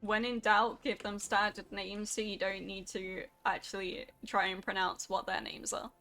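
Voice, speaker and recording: A woman's voice: medium pitch, little pitch movement, moderate pace, pushed and bright, soft background music. A woman streamer chatting casually with her viewers while she plays a game, reacting animatedly to their comments. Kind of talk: casual gameplay chat with chat.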